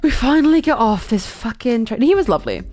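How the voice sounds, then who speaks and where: Animated young woman telling a travel story. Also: on the high side, a little fast, faint music behind. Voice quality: animated, lots of fillers. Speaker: streamer. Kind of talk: casual storytime chat.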